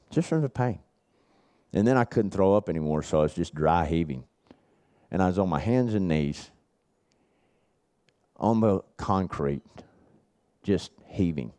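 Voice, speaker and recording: Earnest middle-aged man preaching. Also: a little mellow. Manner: earnest, repetitive storytelling that drops low and then rises. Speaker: preacher at a men's retreat. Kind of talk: sermon.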